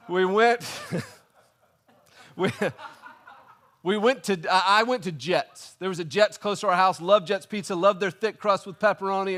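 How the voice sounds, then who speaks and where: A man preaching a sermon, telling a comic personal story with animated, indignant storytelling. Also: sits high. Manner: animated storytelling, acting out his own indignation. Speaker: pastor.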